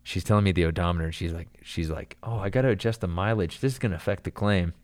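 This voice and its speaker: A man telling a long story in casual chat, animated and rambling, full of "dude" and "like". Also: low voice, quick pace.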